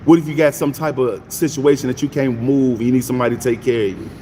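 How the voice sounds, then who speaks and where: A man's voice: medium pitch, fast, in a large hall, background noise. A middle-aged man, hosting a morning Bible reading stream in a casual, folksy preaching style and greeting his viewers by name. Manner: folksy, animated, talks to his chat by name.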